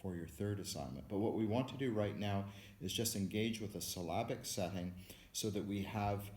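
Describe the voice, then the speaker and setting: A man teaching music theory in a recorded lecture, explaining in a patient, measured way in front of a board. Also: fairly low pitch, darkish tone. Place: room with a board. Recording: echoey room, faint background hiss.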